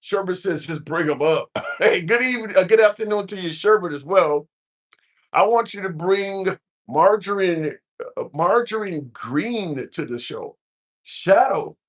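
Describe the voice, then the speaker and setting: Man from the Midwest, livestream host, chatty, reads comments aloud, slightly high voice. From American Midwest. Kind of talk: casual live-stream chat. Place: cruise ship at sea.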